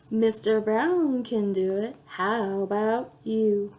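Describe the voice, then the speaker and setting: A woman's voice: on the high side, slow, few pauses, warm tone. A woman reading children's picture books aloud, playfully acting out the sound effects. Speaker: children's book reader.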